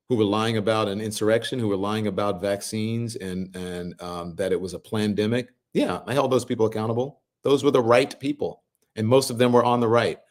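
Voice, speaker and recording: A middle-aged man hosting a livestream, reading viewers' comments aloud and answering them in a relaxed, conversational way. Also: lowish voice. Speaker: host reading live chat comments. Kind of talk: casual livestream chat.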